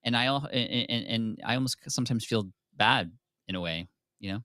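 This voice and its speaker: A man as a podcast guest, telling a personal story openly and candidly, with quick restarts. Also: medium pitch, sharp tone, no echo, studio quality. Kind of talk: casual interview storytelling.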